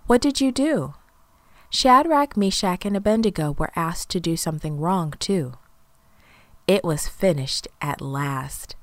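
A woman narrating a children's Bible story in a lively, expressive storytelling voice. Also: on the low side, unhurried, no echo.

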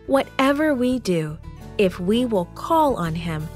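A woman narrating a Bible story for children in a slow, clear and expressive way. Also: fairly high pitch, faint music behind.

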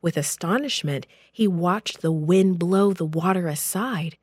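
Slow, gentle woman storyteller. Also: on the low side, breathy edge, dry recording, studio quality. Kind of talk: children's Bible story narration.

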